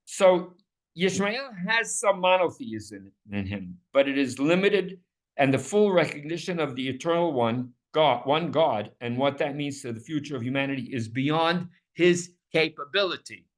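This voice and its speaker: A man's voice: on the high side, animated, moderate pace. A man teaching a scripture lesson to a small class, emphatic and repeating words as he builds each point.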